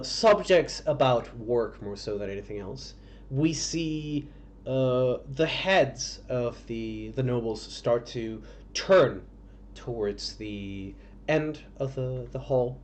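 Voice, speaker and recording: A man narrating a tabletop game as game master, describing scenes in a halting, descriptive way. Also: medium pitch, a little mellow. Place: home streaming setup.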